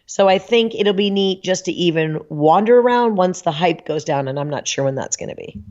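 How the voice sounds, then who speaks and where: A woman podcast guest chatting casually, telling animated stories and laughing often. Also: lowish voice, fairly quick, muffled recording. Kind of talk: casual chat.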